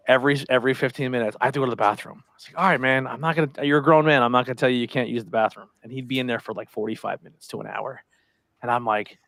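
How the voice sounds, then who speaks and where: A man's voice: mid-range voice, no room sound. Dry-voiced man telling a story. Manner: animated storyteller who acts out quoted voices. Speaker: podcast co-host. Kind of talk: casual storytelling chat.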